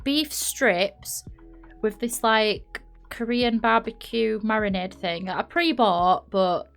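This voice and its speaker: A woman's voice: mid-range voice, gravelly, a bit bright. A woman with a Yorkshire accent chatting casually while streaming a building game, rambling and often correcting herself. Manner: rambling, chatty, frequent laughs and self-corrections. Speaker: live streamer.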